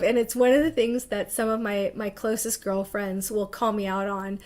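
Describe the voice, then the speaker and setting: A middle-aged woman speaks as a psychotherapist presenting an informal webinar. Her pitch sits in a middle range, and her delivery is loose and conversational, with many "um"s and restarted phrases. She sounds like she is talking over a video call. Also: steady tone, normal speed, hardly any pauses. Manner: conversational, warm-hearted advice with frequent fillers and restarts. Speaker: psychotherapist giving a talk.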